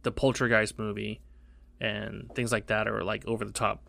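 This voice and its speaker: A middle-aged man telling a story in casual podcast chat, animated and profane, slipping into squeaky voices for the people he quotes. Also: moderate pace, gravelly, no room sound. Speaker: podcast co-host.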